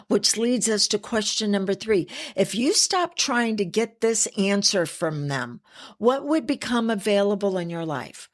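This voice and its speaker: A middle-aged woman host talks her listeners through steps toward self-improvement. Her voice sits low and she takes her time, earnest and anecdotal, punching certain points with firm emphasis. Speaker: self-help podcast host. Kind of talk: reflective personal-growth monologue.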